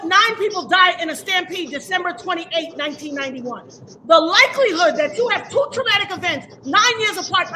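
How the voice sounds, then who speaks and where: A woman's voice: very high-pitched, bright, forceful tone, a little hiss or hum. A woman ranting defiantly on a livestream, emphatic and preachy, calling out her critics. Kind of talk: heated livestream rant.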